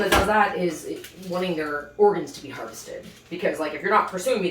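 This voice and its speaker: A woman's voice: on the low side, fairly quick, few pauses, background noise. A woman hosting a baking show, telling her dating stories in a chatty, sassy way, with punning asides as she works in her kitchen. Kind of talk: casual storytelling while baking. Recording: roomy, distant mic with faint ambience.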